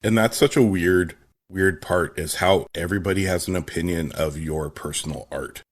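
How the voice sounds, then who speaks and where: Deep-voiced podcast host, relaxed. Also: male voice, normal speed. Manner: relaxed, conversational, with filler ums. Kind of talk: casual interview conversation.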